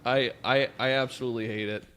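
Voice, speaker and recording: A man's voice: mid-range voice, steady tone, fast, a bit bright, smooth. A man co-hosting a gaming podcast who talks bluntly and crudely in a brash, casual way. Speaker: podcast co-host.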